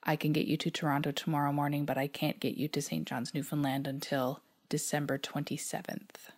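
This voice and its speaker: A woman voicing a female airport gate attendant who speaks in a quick, flat monotone. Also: low voice.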